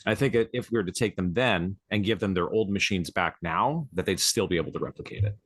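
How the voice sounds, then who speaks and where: A laid-back man talks casually on a podcast. His voice is fairly low and sits relaxed. The sound is close and dry, with no room around it. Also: fast talker, breathy edge, no room sound. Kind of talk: casual conversation.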